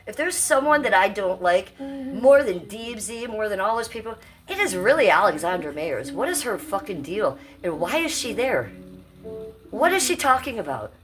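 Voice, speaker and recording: A woman's voice: mid-range voice, big pitch swings, moderate pace, soft background music. A woman in her fifties hosting a casual livestream, brash, profane and rambling as she reads out chat comments. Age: 50s. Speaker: livestream host.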